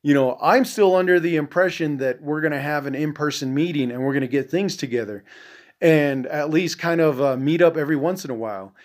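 A man's voice: on the high side, a little fast. A man hosting a podcast in an angry, profane, rambling monologue, full of "you know" fillers, his voice dropping and trailing off at the ends of phrases. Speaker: podcast host. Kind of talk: casual monologue.

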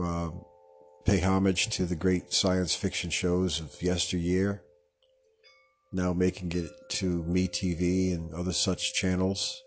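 A man's voice: sits low, slight background noise. A man hosting a live radio meditation show, talking in a meandering, digressive way and fumbling and correcting his own words as he goes. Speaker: radio host. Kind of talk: rambling meditation monologue.

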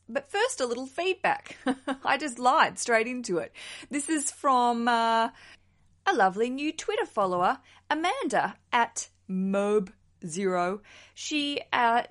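A woman's voice: fairly high pitch, lively intonation, unhurried. A woman hosting her own solo podcast, chatting in a bubbly, self-mocking way with frequent rambling restarts. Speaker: podcast host.

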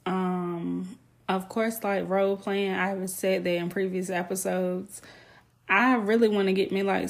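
Frank, chatty young woman podcast host. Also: lowish voice. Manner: frank, laughs often, loose and chatty. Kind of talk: candid casual monologue.

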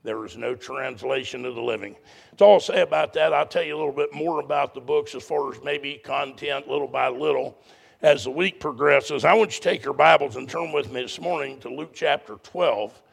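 Very gravelly older male preacher. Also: medium pitch, brisk. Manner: folksy, blunt, emphatic preaching. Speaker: pastor. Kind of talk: sermon.

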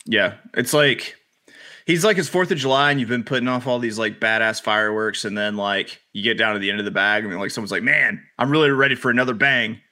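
A man's voice: fairly low pitch, brisk, pushed and bright. A man co-hosting a casual sports podcast, riffing on football with jokes and crude humor. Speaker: podcast co-host.

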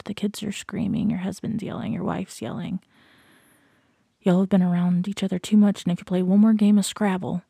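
With a medium-pitched, creaky, slightly rough voice, a woman hosts a podcast and talks slowly and reflectively to motivate her listener. She keeps repeating questions and often falls into soft whispers. The clean studio sound has no echo.

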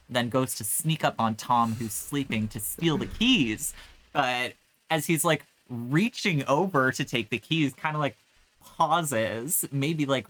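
Bright-voiced woman recapping a film. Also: rumbling low, low-quality recording. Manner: animated storytelling, acts out quotes, laughs often. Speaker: podcast co-host. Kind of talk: casual film recap chat.

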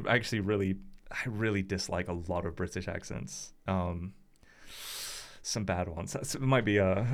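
Young man, host, low voice, casual chat, rambling, hedging. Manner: rambling, hedging with many fillers. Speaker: podcast host.

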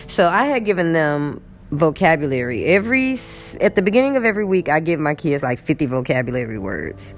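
Chatty Texan woman teacher, lowish voice. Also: brisk, a little hiss or hum. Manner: animated, chatty, acts out quotes. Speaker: English teacher. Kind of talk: casual storytelling vlog. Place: in bed at home.

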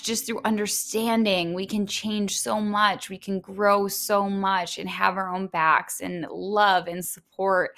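A woman coach giving a self-help talk, gentle and earnest, speaking straight to the listener. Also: mid-range voice.

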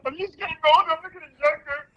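Excitable man on a phone call. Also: very high-pitched, fast talker. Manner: excitable, loud bursts. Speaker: friend calling in. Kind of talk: casual chat. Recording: phone call over speaker.

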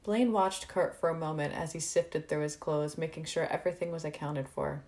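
A woman reading a fan fiction story aloud in a measured, unhurried narration. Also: low voice, steady tone, a little mellow. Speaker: story reader.

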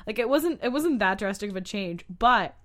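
A woman's voice: mid-range voice, animated, normal speed. A young adult woman co-hosting a podcast, chatting casually and laughing often as she tells stories. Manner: giggly, chatty storytelling. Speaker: podcast co-host. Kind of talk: casual chat.

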